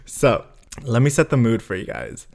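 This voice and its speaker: Man in his twenties, podcast co-host, sassy, slangy, expressive, swooping voice. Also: mid-range voice, normal speed, creaky. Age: 20s. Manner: sassy, laughs often, slangy. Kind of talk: casual chat and storytelling.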